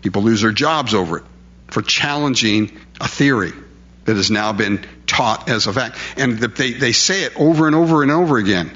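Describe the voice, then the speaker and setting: A man's voice: medium pitch, animated, moderate pace, pushed and bright, muffled recording. A male preacher delivering a sermon in an emphatic, conversational way, full of rhetorical questions.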